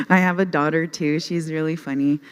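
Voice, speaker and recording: Woman, stand-up comic, low voice, self-deprecating, laughs at her own jokes, stage microphone. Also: huge pitch swings, normal speed, clean tone. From Canada. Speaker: stand-up comedian. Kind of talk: stand-up comedy storytelling. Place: stage at a youth conference, before a live audience. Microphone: handheld microphone.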